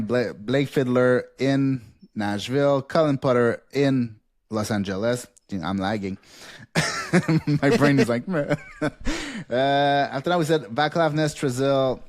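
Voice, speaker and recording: A man's voice: mid-range voice, animated, no echo, studio quality. A male podcast host in a casual chat, reading out a long list with frequent laughs and fillers. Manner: rattles off picks quickly with frequent laughs and fillers.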